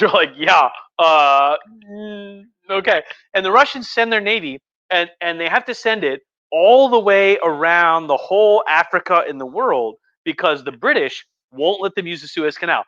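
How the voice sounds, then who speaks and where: A tipsy man lecturing on history, talking in a loose, rambling and jokey way. His voice is bright and fairly high, with a slightly muffled livestream sound. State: tipsy from red wine. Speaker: history professor host.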